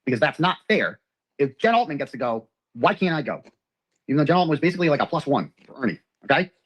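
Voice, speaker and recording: A man's voice: a little high, very animated, fast, fairly bright tone, slightly rough. A man in a ranting monologue, profanely reading his ex's messages aloud and picking them apart.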